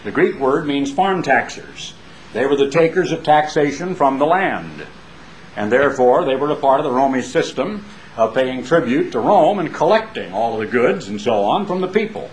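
A man's voice: medium pitch, expressive, moderate pace, poor audio. A man preaching a sermon in a folksy, emphatic way, building up with rhetorical questions and homespun asides.

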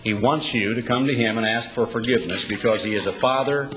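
A man preaching a sermon in a dramatic style, slowing down to recite scripture. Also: mid-range voice, music in the background, poor audio.

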